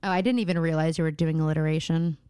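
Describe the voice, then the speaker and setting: A woman's voice: low-pitched, steady tone, rapid-fire, dark tone, clean tone, no echo. Playful chatty woman co-host, dry sound. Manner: chatty, playful, laughs often, riffs on jokes. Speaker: podcast co-host. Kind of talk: casual chat recapping a TV show.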